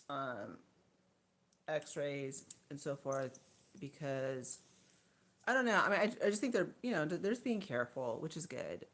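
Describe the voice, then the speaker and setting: A middle-aged woman chatting casually on her livestream, rambling and out of breath, thanking viewers by name. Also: sits low. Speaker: livestream host.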